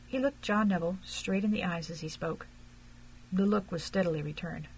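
A woman narrating an audiobook in a measured, even reading. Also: lowish voice, breathy edge, rough recording.

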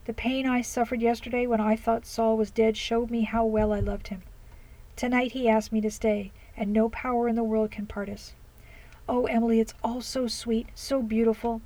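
Female narrator voicing a resolute young heroine, sincere, fairly high, mellow. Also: close to an everyday voice, poor audio. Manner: sincere, quietly firm. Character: earnest young woman, gentle and resolute.

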